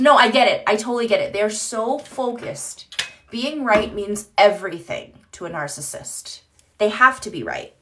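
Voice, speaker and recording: A woman's voice: medium pitch, fairly bright tone. A woman chatting candidly on a live stream into her phone, rambling and swearing casually as she reads comments.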